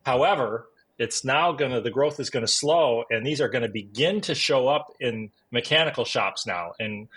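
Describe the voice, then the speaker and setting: A man's voice: medium pitch, a bit bright, low-quality recording. A man with a Midwestern accent explaining industry trends on a panel, with frequent restarts. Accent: Midwestern American. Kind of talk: panel discussion.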